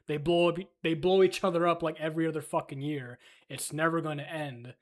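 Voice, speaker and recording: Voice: mid-range voice, steady tone, a little fast. A streamer ranting crudely and heatedly in a casual livestream, full of swearing.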